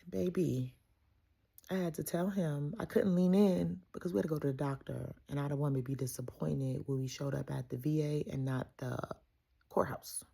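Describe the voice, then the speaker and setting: Low, gravelly woman telling a family story. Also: moderate pace. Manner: chatty, animated retelling with soft asides. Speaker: family caregiver. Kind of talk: storytelling vlog to camera. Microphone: phone camera.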